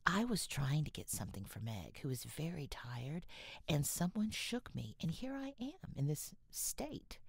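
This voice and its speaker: A woman's voice: deep voice, big pitch swings, a little slow, gravelly, slightly rough, no room sound, voice pushed up, heavily acted. A woman reading the part of a clumsy, frank tomboyish girl, blunt and often half-whispered. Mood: flustered.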